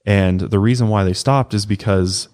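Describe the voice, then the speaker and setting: A man with a deep, low voice narrates a true-crime case in a relaxed, conversational way. He co-hosts a podcast and drops the odd swear word as he tells the story. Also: normal speed. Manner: relaxed, swears casually, acts out quotes. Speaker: podcast co-host.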